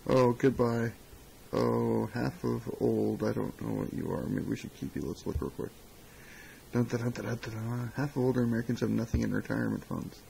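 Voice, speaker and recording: A man's voice: medium pitch, fairly quick, creaky, warm tone, slight background noise, poor audio. A man co-hosting a casual live-stream talk show, wry and joking, muttering to himself as he fixes the stream. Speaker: podcast co-host.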